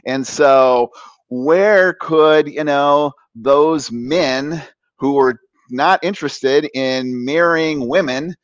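A middle-aged man telling a personal story on a talk show, animated and laughing as he acts out the voices of others. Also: on the high side, extremely slow, no room sound, muffled recording. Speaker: guest.

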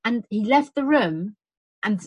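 Here the birth worker with the British accent sounds fairly high and slightly rough, taking her time. Her chat is casual and animated, full of acted-out quotes, though the audio is poor and lacks any room sound.

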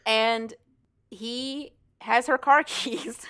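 A woman casually recapping a story for a co-host, animated and profane, laughing often as she talks. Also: on the high side, drawn-out words, smooth. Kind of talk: casual chat.

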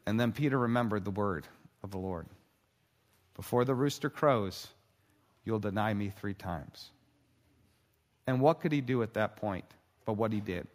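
Earnest preacher in a reverberant hall. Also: male voice, fairly low pitch. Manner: earnest, with dramatic pauses and slowed emphasis. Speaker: pastor. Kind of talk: sermon.

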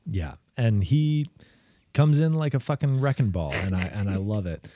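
A man's voice: lowish voice, animated, normal speed, dark tone, no room sound, clean studio sound. A man co-hosting a podcast, talking about a film in a laid-back, rambling way with casual swearing. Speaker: podcast co-host.

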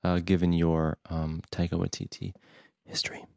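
A man with a very deep, gravelly voice talks casually about a film as a podcast co-host. He pauses often and fills with "um" and "you know." The sound is dry and close. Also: monotone, darkish tone, dry recording. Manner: hesitant, many fillers and pauses. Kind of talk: casual movie discussion.

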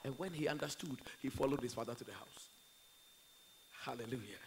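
A man preaching a sermon, impassioned, swinging between loud declarations and quiet asides. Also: medium pitch, fairly quick, creaky, long pauses, a little hiss or hum, poor audio. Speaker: pastor.

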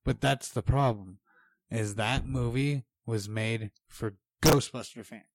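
A man's voice: mid-range voice, unhurried, no room sound, studio quality. A man co-hosting a casual podcast, ranting heatedly and swearing, rambling from point to point. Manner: heated, profane, rambling rants. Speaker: podcast co-host.

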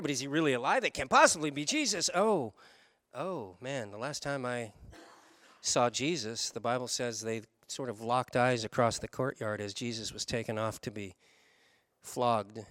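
A man preaching a sermon, telling a story in an animated way, switching between quick runs and slow, stressed words. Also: mid-range voice, dry recording. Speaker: pastor.

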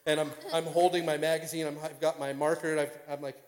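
Pastor, male, slightly high voice, excitable rambling storyteller, long large-hall reverb. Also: fast. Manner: excitable, rambling with many fillers. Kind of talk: emotional personal storytelling to an audience.

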